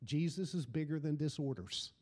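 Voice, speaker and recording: A man's voice: on the high side, normal speed, a little mellow, big-room sound. A middle-aged man preaching a sermon as pastor, building emphasis through repeated phrases. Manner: preaching with rising emphasis and repetition.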